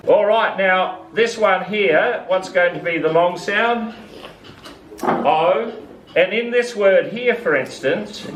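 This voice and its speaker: A man teaching phonics to a student, patiently explaining vowel sounds and asking questions. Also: sits high. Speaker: reading teacher. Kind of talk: classroom phonics lesson. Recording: echoey room, from a distance, faint hiss.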